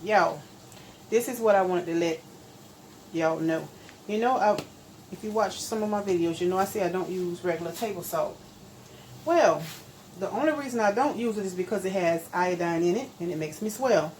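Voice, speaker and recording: A middle-aged woman, chatting homey and relaxed to viewers as she cooks in her kitchen. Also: on the low side, normal speed, slight background noise, low-quality recording. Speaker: cooking channel host. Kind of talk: casual cooking vlog chat. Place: home kitchen.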